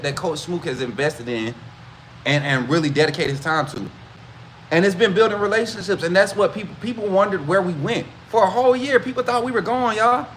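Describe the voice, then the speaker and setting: A man hosting a casual football livestream, talking straight to his chat with animated, repetitive hype. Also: a little high, slight background noise. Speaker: host of a college football livestream.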